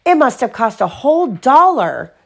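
A woman's voice: high voice, very animated, normal speed, creaky, pitched above the performer's own voice, exaggerated voice. A woman voicing a chatty, knowing girl bear cub friend in a children's storybook read-aloud, gushing and nudging.

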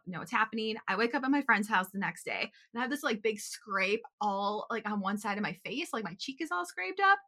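A young adult woman co-hosting a podcast, telling a quick, chatty story about her school years with frequent giggles. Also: on the high side, pushed and bright. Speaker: podcast co-host. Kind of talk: casual chat, storytelling.

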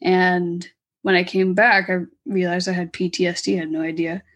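A woman in her twenties, a guest in an interview, telling a personal story candidly with halting restarts and fillers. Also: lowish voice, flat delivery. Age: 20s.

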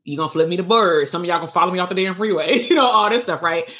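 A woman therapist who leads workshops teaches casually on a livestream, animated and playful. Her voice is fairly low and racing, and she acts out exchanges and swears lightly.

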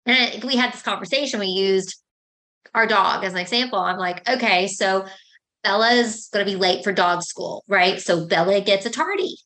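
A woman's voice: mid-range voice, moderate pace, sharp tone. A woman in her thirties hosting a podcast, chatting casually and acting out exchanges with her kids. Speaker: podcast host. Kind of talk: casual chat.

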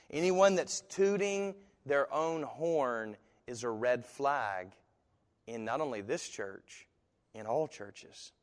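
A man preaches a sermon from the pulpit. His voice sits at an ordinary middle pitch, and he swings between quiet, drawn-out lines and loud, driving ones. The sound carries a long reverb from a large church sanctuary. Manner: dramatic swings from hushed to loud, slow emphatic phrasing. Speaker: pastor.

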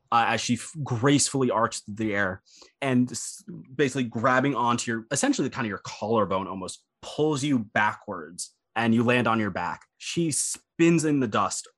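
A man narrating a tabletop role-playing game as game master in a relaxed, rambling way, often correcting himself mid-sentence. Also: medium pitch, moderate pace. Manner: relaxed, rambling, with frequent ums and self-corrections.

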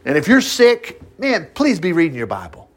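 Lively man reading scripture with asides. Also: fairly high pitch, normal speed. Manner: animated, breaks into asides and acted-out voices. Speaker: Bible teacher. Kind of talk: informal Bible reading with commentary.

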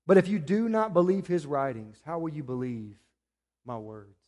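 A man preaching a sermon as pastor. He builds to emphatic peaks, then drops to quiet, earnest appeals. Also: on the high side, normal speed.

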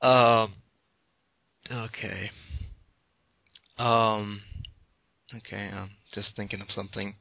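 Hesitant low-voiced male interviewer. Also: steady tone, slow, gravelly, pauses often, no echo, dull audio. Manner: hesitant, lots of ums. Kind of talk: casual interview.

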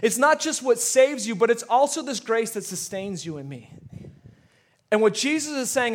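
High-voiced man preaching a sermon. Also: lively intonation, moderate pace. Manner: storytelling with repeated words and rising emphasis. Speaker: pastor.

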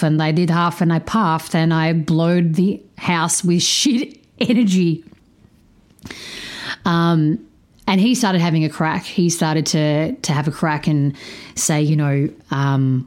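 Frank, swearing woman, low voice. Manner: animated, changes pace often. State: low on energy. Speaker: podcast host. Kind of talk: candid personal storytelling.

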